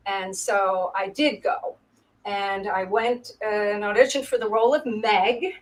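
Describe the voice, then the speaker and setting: A woman's voice: medium pitch, steady tone, measured pace, low-quality recording. A woman, a former Broadway performer, telling stage anecdotes over a video call and laughing often. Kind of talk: casual storytelling interview.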